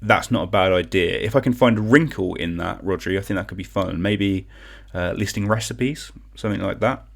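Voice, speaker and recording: A man's voice: low-pitched, fairly quick, vocal fry, few pauses. A young man from England hosting an online quiz, chatting casually and rambling as he reads out comments. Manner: chatty, rambling, self-deprecating, sings song clues in gibberish syllables.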